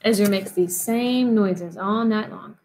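A woman teacher reading a picture book aloud to children, expressive and pausing to ask them questions. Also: mid-range voice, rough recording.

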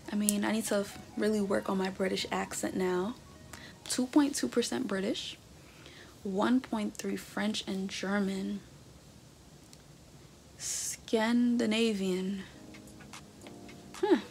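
A chatty woman in her twenties talks through her results in a casual vlog, reacting as she reads them out. Her voice has a gravelly, fry-tinged edge. Music plays clearly beneath her. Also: mid-range voice. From North America. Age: 20s. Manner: chatty, animated, reading results aloud with reactions. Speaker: vlogger. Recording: background music under the voice.

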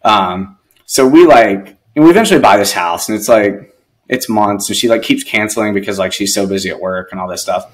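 A man's voice: fairly low pitch, fairly quick, rough recording. A man who is a guest on a podcast, telling stories casually and rambling with lots of filler words. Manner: rambling, heavy use of "like". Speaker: podcast guest, real estate investor. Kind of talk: casual storytelling.

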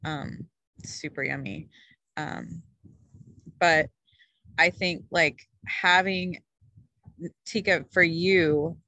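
A woman's voice: fairly low pitch, sharp tone, dry recording, low-quality recording. A woman leading a casual group video call as a food coach, chatty and rambling with lots of fillers, a little short of breath.

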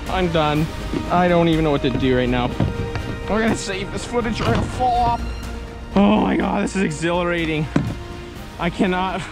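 A man vlogging from a boat on the water while fishing, giggling and exclaiming often. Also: high voice. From Saskatchewan, Canada. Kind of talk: excited outdoor vlog commentary.

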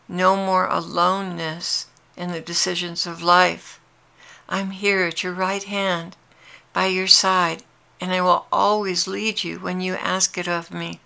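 A woman's voice: on the low side, gravelly, clear, resonant tone, heavily acted. A woman voicing Jesus as a tender, longing man who speaks earnestly to his brides in a devotional dialogue. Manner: earnest, intimate, gently pleading.

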